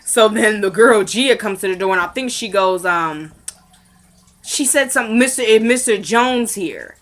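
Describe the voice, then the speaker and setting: A woman recaps a TV drama episode for her viewers in a chatty way, acting out the characters' lines and speaking directly to her audience. Her mid-range voice is fairly bright, at a moderate pace, picked up by a camera mic.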